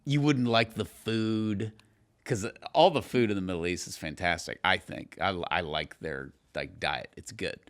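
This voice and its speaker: Man from texas, podcast host, low voice, teasing casual banter. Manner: teasing, joking, quick to laugh.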